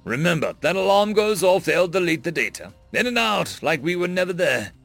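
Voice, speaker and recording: A curt male squad leader, as a man reads him out, giving orders in short, clipped bursts. The voice is raised and forceful, with some gravel, and soft music runs underneath. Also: high voice, very animated, normal speed, pitched above the performer's own voice, full character voice. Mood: commanding. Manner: clipped, commanding.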